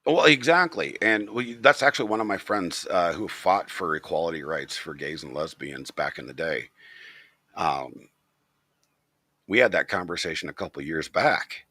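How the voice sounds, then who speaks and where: A man's voice: low-pitched, moderate pace, pushed and bright, breathy edge, no room sound, studio quality. A man hosting his channel, talking straight to the camera in a blunt, profane, opinionated rant. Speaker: channel host.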